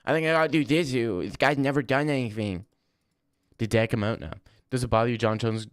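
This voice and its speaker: Young man, streamer, rambling and profane, chatting while gaming, mid-pitched, close dry mic. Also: a little fast, smooth, no echo. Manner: rambling, profane, reacting to chat. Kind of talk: casual livestream chat while gaming.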